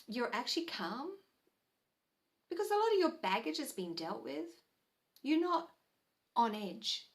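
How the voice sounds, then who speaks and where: A woman leads a live spiritual teaching in a fairly high, soft voice. She speaks slowly and soothingly, with gentle sighs, and comes back to her key phrases again and again. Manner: repeats key phrases for emphasis.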